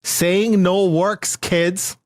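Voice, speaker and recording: A man hosting a podcast in casual chat, enthusiastic and reacting quickly. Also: high voice, level tone. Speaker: podcast host.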